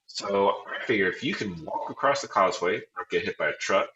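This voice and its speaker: Low, bright-toned male guest, chatty storyteller who jokes at his own expense. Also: lively intonation, fairly quick, reverberant, dull audio. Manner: chatty, self-deprecating, acts out quotes with laughs. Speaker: guest, former band director. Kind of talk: casual storytelling interview.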